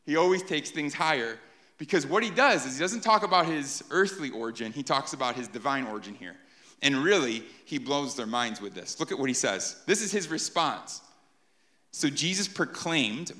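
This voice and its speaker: A man preaching an animated sermon to a live congregation, often checking in with "right?". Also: medium pitch. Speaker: pastor.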